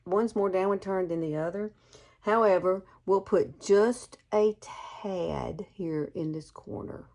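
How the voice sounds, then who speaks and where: A woman's voice: mid-range voice, slow, darkish tone. Chatty Southern woman with Alabama drawl. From Alabama, USA. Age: 50s. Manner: folksy, chatty, calls viewers girl. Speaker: beauty vlogger. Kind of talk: chatty makeup tutorial.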